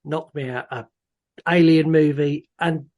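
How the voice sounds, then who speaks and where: Fairly high-voiced, blunt male podcast host. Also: steady tone, a little slow, a little mellow. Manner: blunt and swears freely, with many "um"s. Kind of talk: casual chat about films.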